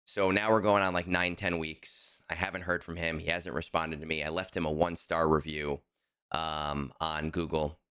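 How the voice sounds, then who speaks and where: A man with a very low, smooth and clear voice carries a casual podcast chat. He tells a story in an animated way and leans hard on his points. His tone stays bright. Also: normal speed. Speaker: podcast co-host.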